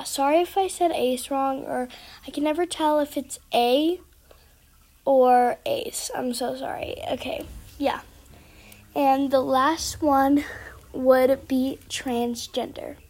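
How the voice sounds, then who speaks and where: Teen girl, high and unhurried, hesitant and apologetic; casual skit vlogger. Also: steady tone, darkish tone. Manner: hesitant and apologetic, many fillers.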